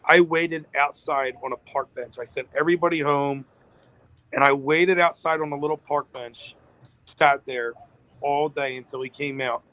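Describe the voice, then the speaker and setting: Bright, emotional man telling a story. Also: on the high side, fairly even intonation, moderate pace, no room sound, low-quality recording. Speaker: business owner guest. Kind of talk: casual podcast storytelling.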